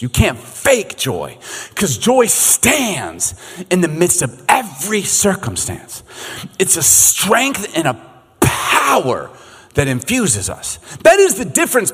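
A middle-aged man preaching a sermon as pastor, in a conversational, animated way, often slipping into little acted-out voices. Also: on the high side, slightly rough. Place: church sanctuary. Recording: reverberant hall.

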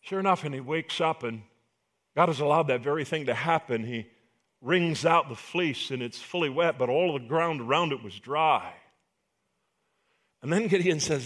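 A man pastor preaching a sermon, telling a Bible story with animated acted-out dialogue and rhetorical questions to the congregation. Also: fairly high pitch, moderate pace. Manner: animated storytelling, acts out voices of biblical figures.

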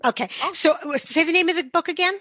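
A woman's voice: very high voice, fast talker, sharp tone, no room sound. A woman hosting a podcast, upbeat and enthusiastic, thanking and questioning her guest. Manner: upbeat, enthusiastic, repeats phrases. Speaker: podcast host. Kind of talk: casual podcast chat.

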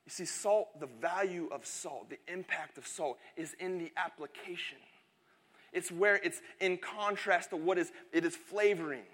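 A man's voice: sits high, normal speed, a bit bright. A man in his thirties preaching a sermon, telling a funny family story in a chatty, joking way. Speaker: pastor. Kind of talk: sermon with a humorous personal story.

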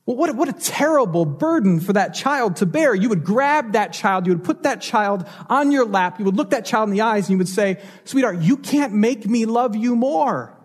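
A man's voice: high-pitched, expressive, a little fast, few pauses, slightly rough. A man preaching a sermon as pastor, telling stories and asking rhetorical questions with changing emphasis.

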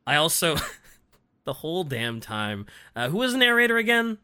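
A man co-hosting a relaxed book podcast, his voice bright and lively, with pitch jumping around. He laughs often and acts out characters in quick voices. The talk is loose and casual. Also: clear, resonant tone. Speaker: podcast co-host.

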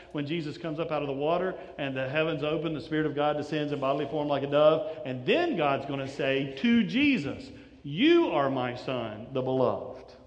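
High-voiced preacher in a reverberant hall. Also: male voice, dull audio. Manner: conversational storytelling, acts out quoted lines. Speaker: pastor. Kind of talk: sermon. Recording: echoey hall.

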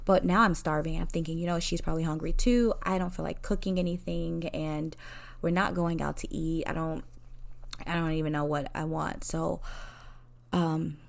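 A woman's voice: sits low, moderate pace, creaky. A woman in her forties, a counselor, candidly telling a personal story in a conversational way, laughing at herself. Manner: candid and conversational, laughing at herself, quoting people in lively voices.

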